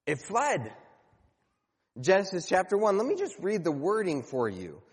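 A man's voice: high voice, huge pitch swings, moderate pace, slightly rough, in a large hall. A man preaching a sermon to his congregation, earnest and conversational, sometimes stumbling and correcting himself.

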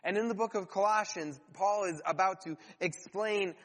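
A man's voice: high-pitched, normal speed, a bit bright. Man preaching in a reverberant hall. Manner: earnest preaching with rhetorical questions. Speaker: pastor. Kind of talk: sermon.

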